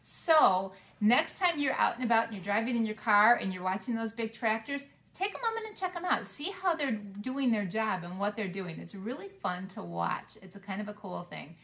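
A woman preschool teacher leading a video lesson, speaking slowly and clearly to small children. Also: medium pitch, expressive, a bit bright.

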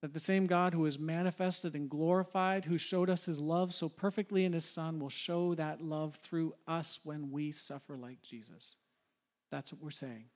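A man, a pastor preaching a sermon to his congregation in a church, talking in a conversational way and putting questions to the listeners. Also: on the high side. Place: church sanctuary.

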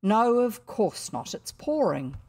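A woman with a New Zealand accent reading the part of a harassed mother who answers briskly and firmly while busy with her accounts. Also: mid-range voice, very animated, darkish tone, breathy edge, exaggerated voice. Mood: impatient. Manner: brisk, firm, distracted. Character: harassed middle-aged mother doing accounts.

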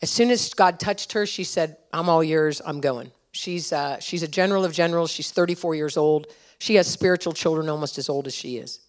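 Middle-aged female conference preacher, a bit low-pitched, animated storyteller, urgent exhortations. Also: fairly quick, hardly any pauses. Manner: animated storytelling, laughing at her own stories. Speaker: conference speaker. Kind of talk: sermon.

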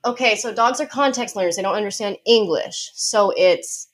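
A woman speaks as a podcast guest with a mid-range voice, explaining confidently and plainly. She moves briskly through examples and drops in short, easy laughs along the way. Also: medium pitch. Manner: confident, explanatory, quick asides with light laughs. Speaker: dog behavior consultant guest.

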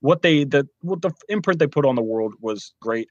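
Man, casual podcast reviewer, rambly with many fillers, animated pitch, dry close sound. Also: normal speed, dry recording, highs cut off. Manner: rambling, lots of fillers and restarts. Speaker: podcast co-host reviewing a show.

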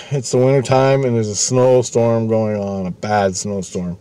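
A man's voice: fairly low pitch, flat delivery, normal speed, dark tone, clean tone. A man telling a story casually, rambling, swearing often and restarting his sentences. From Canada.

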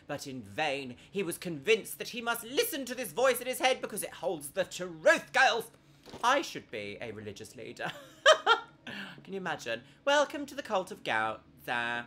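A woman in her thirties talks casually while streaming a horror game from her home setup on a desk microphone. Her voice is bright and crisp, a little on the lower side, and it swings widely in pitch as she chats and giggles. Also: slight background noise. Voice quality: chatty and giggly, with big swoops in pitch. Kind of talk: casual live-stream commentary.

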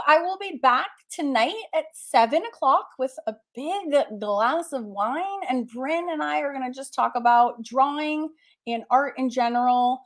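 Woman, forties, from Massachusetts, art teacher hosting a livestream; chatty, laughs a lot, slightly high voice. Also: measured pace. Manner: chatty, laughs often, reads viewer comments aloud. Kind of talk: casual livestream chat.

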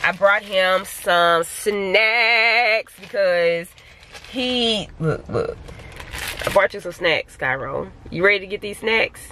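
A woman chatting casually to her vlog camera outdoors at a park while she walks her dog, ranting in slangy, animated talk. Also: medium pitch, slow, a little hiss or hum. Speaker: family vlogger.

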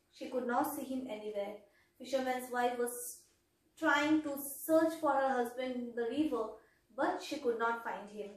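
High-voiced woman teacher in an echoey room. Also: distant mic. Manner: retells each sentence in simpler words. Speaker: English teacher. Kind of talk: storybook lesson for young children.

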